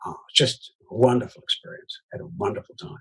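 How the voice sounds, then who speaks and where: A puppeteer from Iowa in the United States is a guest in a casual interview, telling stories full of asides, frequent laughter and plenty of "you know"s. He talks fast in a pushed, bright voice, and the recording is rough.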